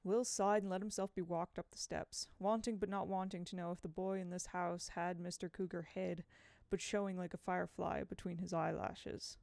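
Gravelly woman reading a novel aloud. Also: lowish voice, dry recording. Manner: measured, expressive reading. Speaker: audiobook narrator. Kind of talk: audiobook narration. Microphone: home microphone.

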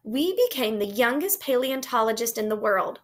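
A woman's voice: on the high side, expressive, moderate pace, lightly acted. A woman reading aloud, voicing an eager, insistent young schoolgirl in a storybook. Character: bold excitable young schoolgirl.

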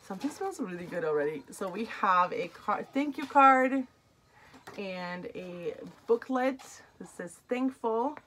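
Woman w/ an accent chatting thru an unboxing, gushy and friendly, medium pitched voice, faint hiss behind. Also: expressive, unhurried, fairly bright tone, rough recording. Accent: non-native English accent. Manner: chatty and effusive, easily moved. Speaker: unboxing channel host. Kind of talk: casual vlog chat.

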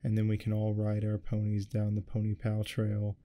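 A man's voice: lowish voice, completely flat delivery, moderate pace, mellow, lightly acted. A man reading a scornful foul-mouthed girl. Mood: determined. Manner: scornful, profane. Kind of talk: soft-spoken ASMR reading.

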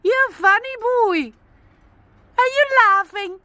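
A woman talking to her pet bird in high, sing-song baby talk, coaxing and scolding it at home. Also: takes it slowly, noisy background. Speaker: pet owner.

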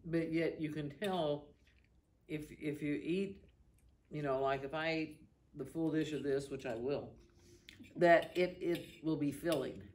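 A woman's voice: low voice, unhurried. A woman co-hosting a church cooking show, chatting casually and humming while she tastes with her mouth full. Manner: relaxed, savoring, hums with her mouth full. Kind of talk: casual chat while tasting food.

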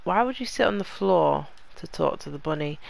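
A woman's voice: sits low, expressive, moderate pace, creaky. A woman hosting a let's play, chatting casually to the characters in her game as she plays. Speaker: gaming channel host.

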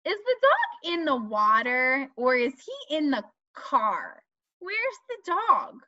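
A woman teaching young children, asking questions in a slow, sing-song way and stressing key words. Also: sits high, wildly swooping pitch, bright, forceful tone. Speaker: children's speech and language teacher. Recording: dull lo-fi dry recording.

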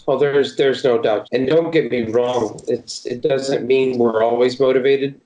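A man's voice: mid-range voice, steady tone, a little slow, dark tone. A middle-aged man tells his story in an interview, chatty and folksy, often circling back to restart a phrase. His voice sits in the middle of the male range. The recording carries a noticeable roomy echo. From Chattanooga, Tennessee, USA. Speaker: missionary.

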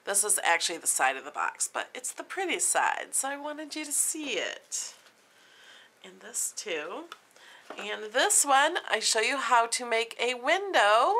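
Chatty woman showing off her crafts, bright voice, bouncy pitch, a bit of hiss behind her. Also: gravelly. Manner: chatty, plain and homey, pointing things out. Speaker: craft vlogger. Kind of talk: casual craft show-and-tell.

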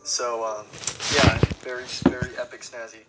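A man's voice: mid-range voice, level tone, moderate pace, very noisy. A young man hosting a casual gaming video, rambling and joking with lots of fillers. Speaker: gaming YouTuber. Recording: background music.

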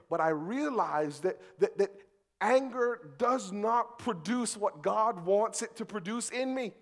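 A pastor in his young adult years delivers a sermon in a church hall. His voice sits a little high for a man, and he swings between soft, measured talk and loud, excited bursts. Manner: animated, swings from quiet to shouting.

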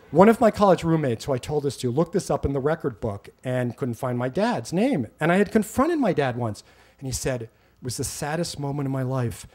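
A man's voice: mid-range voice, a little mellow. A middle-aged man telling a personal story on stage, wry and self-mocking, getting heated as he retells old arguments.

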